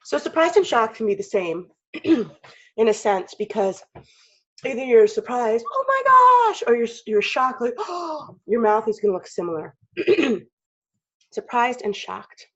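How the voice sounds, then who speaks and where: A woman with a frog in her throat, chatty and clearing her throat often as she teaches a casual drawing lesson. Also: a little high, lively intonation, a little slow. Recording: dull lo-fi recording.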